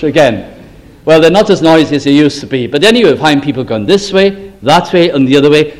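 An older man delivers a sermon in a fairly high voice. He tells stories and leans on slow, emphatic phrases, now and then poking fun at himself. He sounds like a preacher talking straight to his congregation. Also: animated. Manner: storytelling, with slow emphatic phrases and self-deprecating asides.

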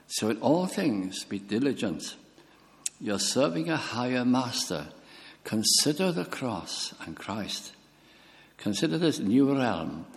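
A man delivers a sermon in an earnest, deliberate way, his voice pitched a little low. He speaks very slowly and rises on the words he wants to stress. His voice rings with the long reverb of a church hall. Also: vocal fry. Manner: slow and earnest, lifting his voice on key words. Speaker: preacher.

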